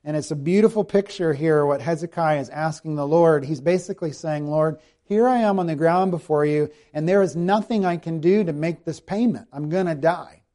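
A man preaching a sermon as pastor, explaining scripture with rhetorical questions and slow, deliberate readings of the verses. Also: on the high side, dark tone.

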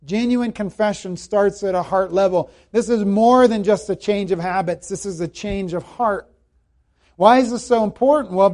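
A man preaching a sermon, earnest and emphatic, repeating key phrases and dropping to a hushed voice when quoting scripture. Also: sits high. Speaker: pastor.

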